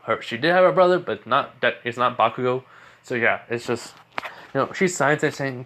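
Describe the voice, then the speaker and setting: A man's voice: medium pitch, normal speed, pushed and bright, a little hiss or hum. A man narrating an improvised fan story in a casual, rambling way, with many fillers and restarts.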